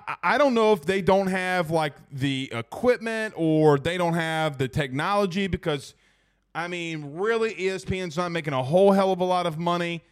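On a loose sports talk stream, a young male host with a voice pitched high for a man rambles and rants. He uses plenty of fillers and restarts and makes asides to the chat, all in a clean tone.

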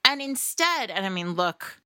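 A woman's voice: mid-range voice, sing-song, a little slow, sharp tone, clear, resonant tone, no room sound, clean studio sound. A woman co-hosting a podcast, talking about a book in a casual, effusive, rambling way full of fillers. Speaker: podcast co-host. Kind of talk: casual book-discussion chat.

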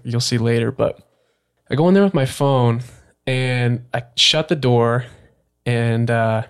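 In a relaxed podcast interview, a young guest shares something that happened to him in the past. He speaks in a mid-range voice and keeps stumbling over fillers and starting his sentences again.

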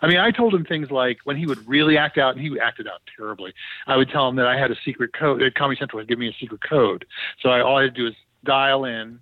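A man, a TV producer, telling animated, laughing anecdotes in a casual interview, with frequent fillers. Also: mid-range voice, fast talker, dry recording, phone-quality sound. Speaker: TV producer, guest.

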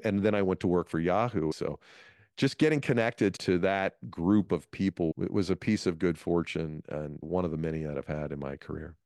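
A man in his fifties, a comedian guest, telling stories from his career in a lively interview. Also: deep voice, normal speed, no room sound, clean studio sound. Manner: animated storyteller, restarts phrases. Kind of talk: storytelling interview talk.

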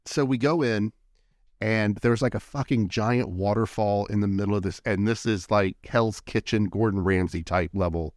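A man's voice: fairly low pitch, moderate pace, a little mellow, dry recording, studio quality. A man co-hosting a podcast, telling a rambling story in casual chat and laughing often at himself. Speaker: podcast co-host.

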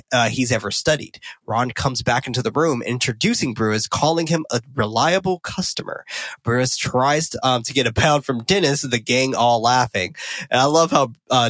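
A man co-hosting a podcast, recapping a film in casual chat, excitable and swearing freely with lots of fillers. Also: mid-range voice, no echo. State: caffeinated and talking fast.

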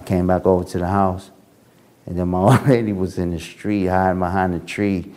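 A man's voice: low-pitched, normal speed. A man recounting a past confrontation in first-person storytelling, acting out voices as he goes. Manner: animated, acts out voices in his story. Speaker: interviewee recounting his past.

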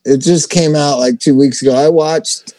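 A man's voice: a little high, steady tone, moderate pace, warm tone, no room sound. A middle-aged man calling in to a casual chat, reminiscing in a wistful way and repeating himself. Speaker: guest caller.

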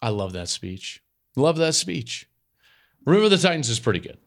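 A man's voice: medium pitch, moderate pace. A man in his forties hosting a podcast, talking through a mailbag question in a casual, emphatic way with lots of "like" fillers. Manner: animated, emphatic, many "like" fillers. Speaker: podcast host.

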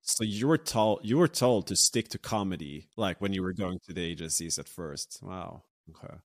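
A man interviewing a guest in a relaxed, hesitant way, often restarting his questions. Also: low-pitched, moderate pace, no room sound. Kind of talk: casual interview chat.

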